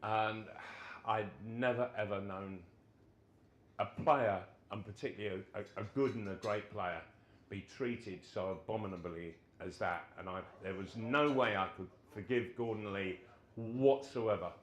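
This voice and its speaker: A man's voice: on the low side, unhurried, slight background noise. A man in his sixties, a former footballer, telling anecdotes to a live audience in a social club and acting out the people he quotes. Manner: animated, acts out quoted voices. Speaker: former footballer, guest storyteller. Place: social club function room. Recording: roomy hall echo.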